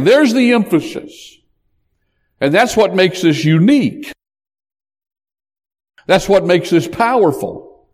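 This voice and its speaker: A man preaching in a large church sanctuary, his voice sitting a bit high and moving through a wide, lively melody. He talks slowly and deliberately, leaning hard on the words he wants to stress. The room carries a long, lingering reverb. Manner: emphatic, preacherly cadence that rises on key points. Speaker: pastor. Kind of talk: sermon.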